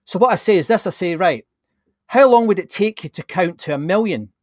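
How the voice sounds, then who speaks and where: Man, podcast host, blunt and lively, slightly high voice, dry close mic. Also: brisk, dry recording. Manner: animated, blunt, many restarts. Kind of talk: casual conversation.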